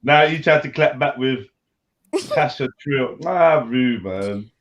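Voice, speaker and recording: A man's voice: medium pitch, animated, takes it slowly. A man hosting a casual online talk show, laid-back and slangy. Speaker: host. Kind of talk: casual chat. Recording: dull lo-fi audio.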